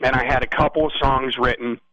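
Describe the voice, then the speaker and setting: A man guesting on an interview and spinning long, lively stories with a bright, forceful edge to his voice. He rambles through the tale and keeps checking in with "you know what I mean?" The sound is close and dry, with no room around him. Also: medium pitch, a little fast, no room sound, rough recording. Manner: rambling, animated storytelling. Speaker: musician guest. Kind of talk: casual storytelling interview.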